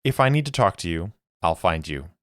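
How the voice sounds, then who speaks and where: A man voicing a cryptic woman spy from a secret order, calm, measured and faintly teasing. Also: low-pitched, dry recording, clean studio sound. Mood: cool, cryptic.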